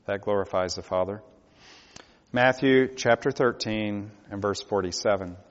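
Slow, impassioned preacher man in an echoing hall. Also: fairly low pitch. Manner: impassioned, swings from hushed to pleading cries. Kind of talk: sermon. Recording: dull lo-fi recording in a reverberant hall.

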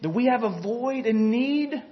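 A man with a notably high voice preaches a sermon in an easygoing, talkative way, chuckling now and then and checking in with his listeners. The recording is dull and lo-fi, with a muffled top end. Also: measured pace. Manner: conversational preaching, chuckles, frequent "you know".

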